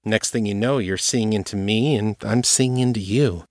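A man voicing a guarded, troubled young woman telepath who speaks quietly and earnestly in a storybook reading. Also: fairly low pitch, moderate pace, no echo, clean studio sound, close to an everyday voice. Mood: somber.

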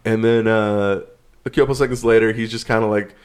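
A man's voice: on the low side, fairly even intonation, brisk, clear, resonant tone. A man telling a story in casual chat, rambling and laid-back, swearing now and then.

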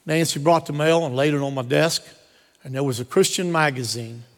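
A man with a somewhat high voice preaches in a church, hammering each point home with repeated phrases. His voice rings out with a long hall reverb around him. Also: fairly quick. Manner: repetitive emphatic preaching cadence. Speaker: pastor. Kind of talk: sermon with storytelling. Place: church sanctuary.

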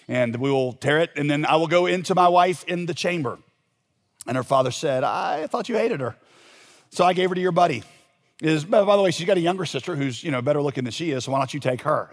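A man preaching a sermon as pastor, telling a Bible story with joking asides and quick comic voices. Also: on the high side, big-room sound. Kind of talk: humorous sermon teaching.

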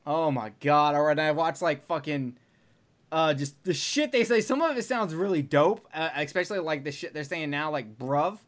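A man's voice: fairly high pitch, lively intonation, moderate pace. Profane joking male podcast host. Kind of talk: casual chat.

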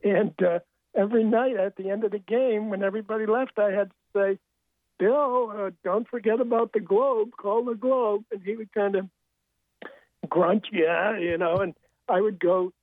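An older man, a sportswriter guest, telling wry anecdotes in a halting way with many restarts. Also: sits high, no echo. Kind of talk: storytelling interview. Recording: tinny dry phone line.

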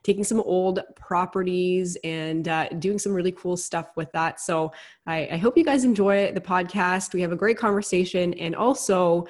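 A woman hosting a podcast, reading an upbeat promotional intro and asking friendly questions. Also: lowish voice. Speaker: podcast host.

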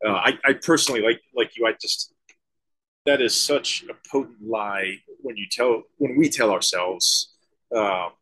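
A man, a former special-forces soldier and leadership consultant, answering interview questions thoughtfully with halting restarts. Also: fairly low pitch, pushed and bright, poor audio. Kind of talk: conversational interview.

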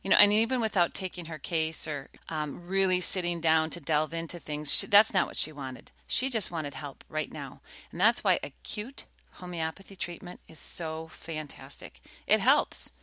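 A woman's voice: low-pitched, normal speed, hardly any pauses, dry recording. A middle-aged woman hosting a talk show, chatting casually and acting out quotes as she tells stories. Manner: chatty, warm-toned storytelling with acted quotes. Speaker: podcast host.

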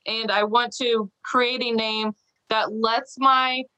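A woman's voice: a little high, flat delivery, slow pace, pushed and bright, clear, resonant tone, muffled recording. A woman guest on a casual podcast interview, bubbly and laughing often, acting out quoted voices as she tells her story. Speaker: podcast guest, small business owner.

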